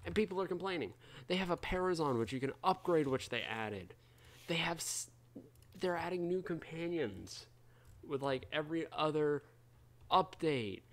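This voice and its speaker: A man ranting in a casual gaming vlog, animated and heated, swearing freely as he argues his point. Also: a little high, normal speed. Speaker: gaming video creator.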